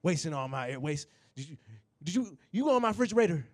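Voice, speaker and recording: A man's voice: fairly high pitch, very animated, fast, voice pushed down. A man voicing a grumpy, bossy old grandfather who scolds and repeats himself. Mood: scolding. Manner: scolding, repetitive nagging.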